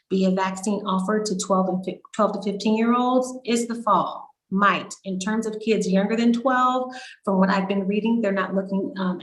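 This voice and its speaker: A woman doctor on a video call town hall, explaining health guidance in a reassuring way. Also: medium pitch. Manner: reassuring, explanatory, frequent "you know". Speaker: doctor panelist.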